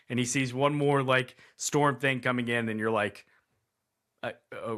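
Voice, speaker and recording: At a normal pace, a man with a medium-pitched, slightly bright voice co-hosts a casual podcast reviewing movies. He rambles and restarts sentences mid-thought, openly incredulous at how bad the writing is.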